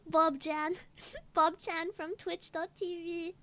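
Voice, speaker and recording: Very high, bright-voiced giggly young woman. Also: flat delivery. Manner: giggly and gushing, drawn-out exclamations. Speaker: VTuber streamer. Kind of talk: casual live-stream chat.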